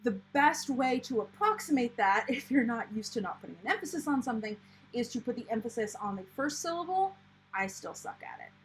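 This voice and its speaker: Young American woman, casual live-stream host, loose and rambling delivery, slightly high voice. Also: expressive, fairly quick, a little hiss or hum, rough recording. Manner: chatty, rambling, many fillers and restarts. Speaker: planner channel host. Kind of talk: casual live-stream chat reading viewer comments.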